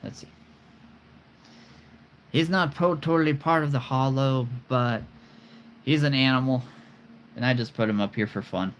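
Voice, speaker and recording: On his live stream, a man in his forties rambles cheerfully about his collection, dropping puns and chuckling as he goes. His pitch is medium and his pace measured, broken by long pauses, with a faint hiss or hum behind him.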